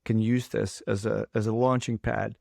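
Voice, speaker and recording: A man's voice: fairly low pitch, flat delivery, moderate pace, creaky, a little mellow, no echo, studio quality. A man hosting a casual podcast conversation, talking with energy and restarting phrases often. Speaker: podcast host.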